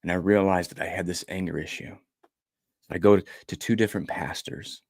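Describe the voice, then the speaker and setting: A man's voice: low voice, brisk, darkish tone, no echo, clean studio sound. A middle-aged man, a motivational speaker, telling a personal story earnestly and emotionally, often repeating his phrases.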